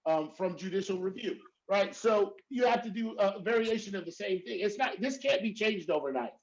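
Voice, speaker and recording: A man's voice: high-pitched, lively intonation, moderate pace. A man speaking as a professor on a panel, talking emphatically and checking in with "right?" again and again. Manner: emphatic, repeats "right?" often. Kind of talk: panel discussion. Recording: dull lo-fi audio.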